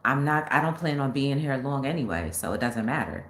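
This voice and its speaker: A woman voicing a curt, dismissive man who is terminally ill and brushes others off flatly. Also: rumbling low, a little fast, roomy sound, a little hiss or hum.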